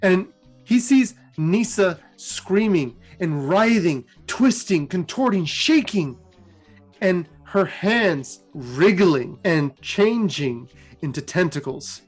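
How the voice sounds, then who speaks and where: Male host, high voice, animated casual lore retelling. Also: takes it slowly, faint music behind. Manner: animated storytelling.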